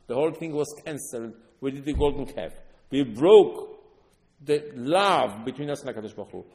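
A man giving an earnest Torah sermon, repeating words and bursting into loud emphasis. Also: on the high side. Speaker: religious teacher. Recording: long hall reverb.

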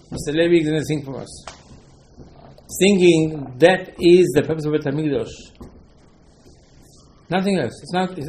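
A man's voice: on the high side, darkish tone, rough recording. A man teaching a Torah lesson as a rabbi. He speaks emphatically in slightly broken English and keeps firing rhetorical questions.

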